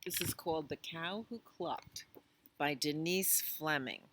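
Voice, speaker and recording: A woman librarian reading a picture book aloud to young children, doing animal sounds in an animated way. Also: low-pitched, measured pace, background noise. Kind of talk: storytime read-aloud. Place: library storytime.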